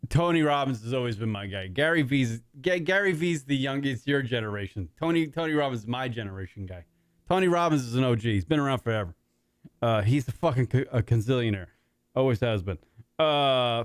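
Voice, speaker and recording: A man's voice: medium pitch, lively intonation, a little fast, no echo. A middle-aged man hosting a talk radio show, rambling and swearing constantly with lots of fillers, in a studio. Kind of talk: casual talk radio banter.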